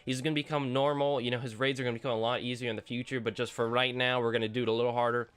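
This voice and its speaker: A man's voice: medium pitch, level tone, racing, fairly bright tone, clean tone, voice pushed down, natural voice. A teenage boy voicing a smug, placating company spokesman in a mock-soothing, condescending tone.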